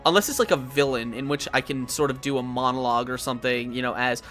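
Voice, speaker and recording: A man's voice: mid-range voice, fast, fairly bright tone, soft background music. A man hosting a live tabletop chat stream as the dungeon master, talking in rambling bursts with many restarts.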